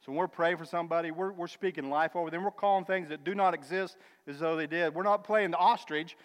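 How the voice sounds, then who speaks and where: Guy preaching a sermon, pretty high voice, big echoey hall, gets loud and emphatic then drops to quiet asides. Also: steady tone, fast. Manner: addresses listeners as brother and sister. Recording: long reverb of a large hall.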